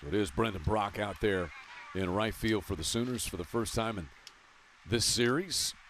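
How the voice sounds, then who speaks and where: A man calling college baseball play-by-play with a brisk delivery that rises on big plays. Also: lowish voice, a bit bright. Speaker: play-by-play announcer. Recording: noisy ballpark broadcast.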